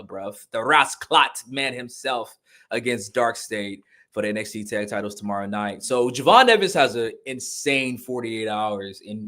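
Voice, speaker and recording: A man co-hosting a casual wrestling podcast, excitable and jokey, rambling with slang and restarts. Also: lowish voice. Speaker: podcast co-host.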